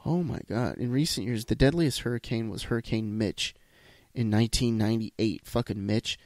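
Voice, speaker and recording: A man's voice: mid-range voice, moderate pace, a little mellow, dry recording. Blunt, profane man ranting solo. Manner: blunt, profane, rambling with restarts. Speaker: podcast host. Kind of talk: solo rant podcast.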